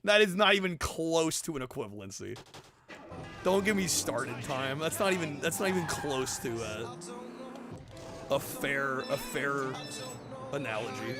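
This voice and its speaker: A male streamer chatting casually with his viewers, animated and argumentative, laughing often and swearing now and then. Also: mid-range voice, a little slow, long pauses. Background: background music.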